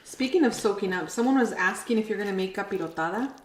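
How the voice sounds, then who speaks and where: A woman's voice: mid-range voice, expressive, fast talker. Sister co-host, woman, teasing and wry, echoey kitchen, faint background noise. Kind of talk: casual banter. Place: home kitchen.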